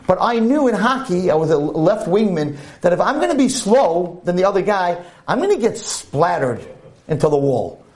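Animated high-voiced male preacher. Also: moderate pace. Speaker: speaker at a holiday talk. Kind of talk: storytelling sermon.

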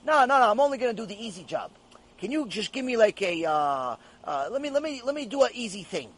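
A man voicing a lazy, boastful employee who stammers through excuses in a high, husky voice. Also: big pitch swings, fast, a bit bright, heavily acted. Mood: sheepish.

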